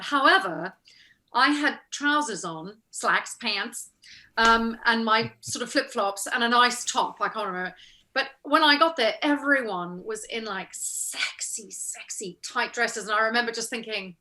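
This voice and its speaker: Guesting on a casual interview, a woman actor tells an anecdote with animation, laughing and acting out the people she quotes. Her voice is fairly high, bright and forceful, at a moderate pace.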